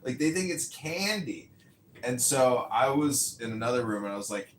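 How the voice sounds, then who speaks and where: A man's voice: mid-range voice, normal speed. A man ranting casually as a podcast host, rambling, profane and mocking. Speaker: podcast host and mayoral candidate. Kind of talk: casual rant. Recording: echoey room with faint ambient noise.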